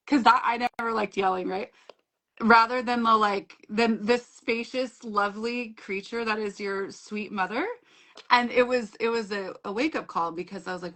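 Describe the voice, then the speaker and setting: A woman's voice: medium pitch, fairly even intonation, a little fast, a bit bright. A woman in her forties, a class facilitator, talking casually on a video call and acting out her own quoted dialogue with frequent laughs.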